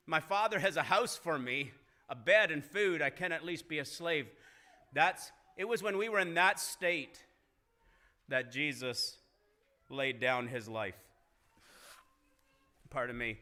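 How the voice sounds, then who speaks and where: Bright-voiced male pastor preaching. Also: a little high, measured pace, long pauses. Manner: earnest preaching, rising emphasis in retold dialogue. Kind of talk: sermon. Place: church sanctuary.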